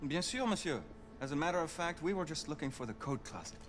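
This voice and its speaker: A man's voice: fairly high pitch, lively intonation, fast, noisy background, lightly acted. An actor playing a polite, witty French nobleman with a French accent in a video game. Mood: courteous. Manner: courtly, polished. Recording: game audio with music behind.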